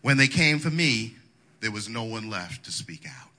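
A man's voice: lowish voice, lively intonation, moderate pace, pushed and bright. A male pastor preaching a sermon in a folksy, colloquial way, wandering into asides.

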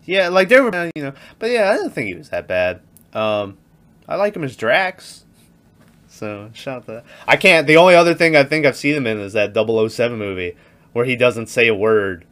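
A man's voice: medium pitch, animated, normal speed, a bit bright. A man co-hosting a casual movie review podcast, retelling scenes animatedly and laughing as he goes. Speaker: podcast co-host.

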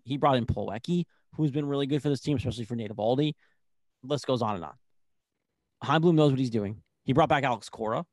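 Young man, excitable rambling sports talk, dry close sound, filler-heavy. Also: medium pitch, no room sound. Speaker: sports podcast co-host. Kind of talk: casual sports chat.

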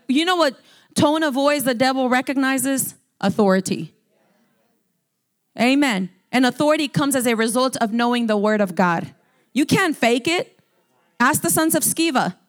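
A woman pastor preaching a sermon with emphatic, fervent delivery that rises to firm commands. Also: sits high.

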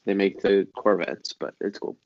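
A man's voice: sits low, fairly even intonation, moderate pace, gravelly, a crowd in the background. A man hosting a podcast, teasing and sarcastic in casual chat. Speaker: podcast host. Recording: dry, dull lo-fi sound.

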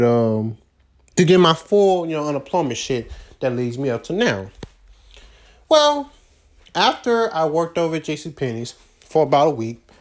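A man's voice: a little high, a little mellow. A man telling a loose, profane story about his jobs, full of slang and fillers, recorded without a proper microphone. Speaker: vlogger recounting his job search. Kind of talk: casual rambling storytelling.

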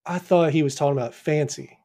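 A man's voice: fairly high pitch, fairly even intonation, quick pace, mellow. A man co-hosting a podcast, chatting about a film in an easygoing way with frequent restarts. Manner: easygoing, hesitant restarts, laughs along. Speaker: podcast co-host. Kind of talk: casual movie discussion.

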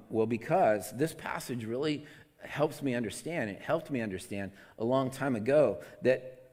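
A man preaching a conversational sermon into a microphone, candid and self-deprecating, with lots of restarts, swinging between loud and soft. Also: mid-range voice, in a large hall. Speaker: pastor. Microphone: amplified microphone.

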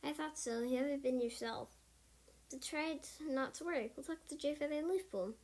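A steady, caring tomcat leader from a storybook, gentle and reassuring, done by a woman reading aloud. The voice stays fairly high with no attempt to sound deep. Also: brisk. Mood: concerned.

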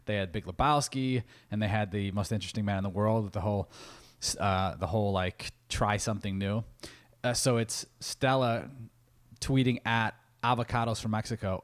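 A man's voice: fairly low pitch, steady tone, moderate pace. A man co-hosting a podcast, chatting casually, loose and joking, with offhand swearing. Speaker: podcast co-host. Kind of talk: casual chat.

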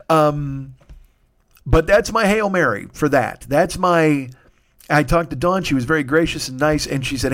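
A man hosting a podcast, telling a rambling, self-deprecating story in casual monologue and swearing freely, with sudden loud outbursts. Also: mid-range voice, a little fast. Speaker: podcast host.

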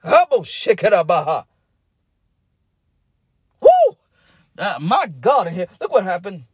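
Impassioned preacher man, lively swooping pitch. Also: moderate pace, husky, dry recording, clean studio sound. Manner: preaches with rising, intense cadence and bursts of tongues. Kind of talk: sermon.

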